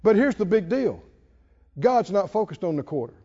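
A man's voice: high-pitched, sing-song, moderate pace, dark tone, in a large hall, lo-fi sound. A man preaching a sermon, emphatic and calling out to the congregation. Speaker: pastor.

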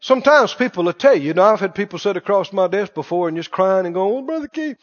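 A man's voice: sits high, fast. A male pastor preaching a sermon emphatically, with call-and-response questions to the congregation. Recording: dull echoey church recording.

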